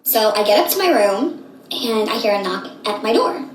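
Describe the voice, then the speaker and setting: A woman in her late twenties telling a story casually, animated and slangy, acting out what people said. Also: medium pitch, moderate pace, echoey room, slight background noise, poor audio. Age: late 20s. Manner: animated, slangy, acts out quotes.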